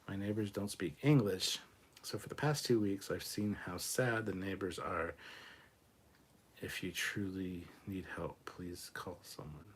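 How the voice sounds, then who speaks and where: Low-voiced man hosting a livestream. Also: measured pace, a little hiss or hum. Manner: loose, joking, thanking viewers by name. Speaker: livestream host. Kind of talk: casual live-stream chat, reading out donations.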